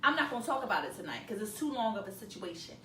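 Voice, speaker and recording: A woman hosting a casual talk show, animated and laughing, acting out phone greetings. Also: mid-range voice, racing. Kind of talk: casual panel chat. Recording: roomy, distant mic, faint noise.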